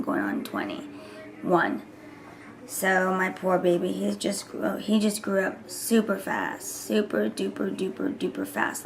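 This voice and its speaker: A woman in her thirties, a vlogger and mother, chats casually to the camera, rambling and now and then slipping into whispers. Her mid-range voice is gravelly with a fairly bright tone, still recovering from hoarseness, and there's a little hiss or hum in the recording.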